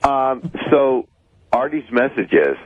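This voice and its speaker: A man's voice: mid-range voice, very animated, slow, dry recording. Man, caller, radio show phone call, mocking, dry, muffled lo-fi line.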